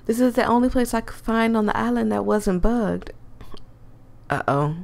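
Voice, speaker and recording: Woman doing a risk-taking country girl for a story game: put-on country accent, gravelly, teasing and confiding. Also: on the high side, lively intonation, moderate pace, darkish tone. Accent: put-on American country accent. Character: bold country girl pilot, young woman, risk-taker. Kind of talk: reading a story game aloud in character.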